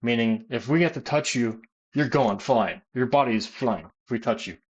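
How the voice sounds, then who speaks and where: American guy rambling through an army story, lots of ums and restarts, average pitch, casual q&a vibe. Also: moderate pace, slightly rough, dull audio. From United States. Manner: rambling, animated, many fillers and restarts. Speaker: gaming YouTuber and teacher.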